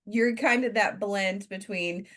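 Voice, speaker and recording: A woman co-hosting a travel podcast talks in a relaxed, agreeable way. Her voice is mid-pitched and plain. She chats casually with her partner. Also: slow pace. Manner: easygoing, agreeable banter. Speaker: podcast co-host.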